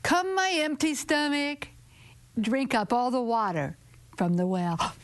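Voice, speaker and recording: A woman's voice: a little high, takes it slowly, a little hiss or hum. A woman voicing a defiant little male pet rooster who crows his demands in insistent, sing-song calls. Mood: chanting spell.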